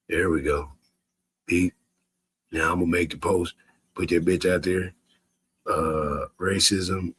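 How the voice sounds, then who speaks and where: A man's voice: deep voice, fairly bright tone, husky. A man in a profane livestream rant, cursing heatedly and mocking his critics with bursts of laughter. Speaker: social media streamer.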